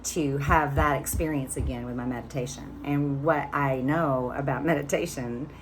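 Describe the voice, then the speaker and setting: A woman in her fifties tells a personal story straight to camera, chatty, candid and casual. Her voice sits low in pitch, and a faint background noise hangs under the recording. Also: steady tone, normal speed. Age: 50s. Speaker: vlogger.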